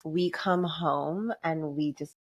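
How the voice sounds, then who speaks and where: A woman with a somewhat low, warm speaking voice, talking as a podcast guest. She rambles happily with plenty of "like" and self-corrections, and breaks into laughs as she goes. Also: fairly even intonation, slow pace. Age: adult with a son and fiance. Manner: chatty, lots of "like" and restarts, laughs easily. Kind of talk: casual conversational interview.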